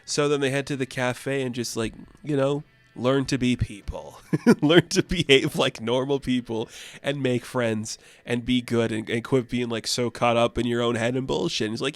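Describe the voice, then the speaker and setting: A man giving a loose, joking recap of a comic book, tossing off quick asides. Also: medium pitch, dry recording, faint music behind. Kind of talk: casual comic review.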